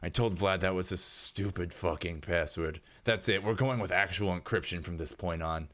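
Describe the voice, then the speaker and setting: A man's voice: low-pitched, moderate pace, a bit bright. A man voicing a brusque, profane male manager in a pirate casino during a tabletop game. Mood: angry. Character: foul-mouthed male casino back-room manager.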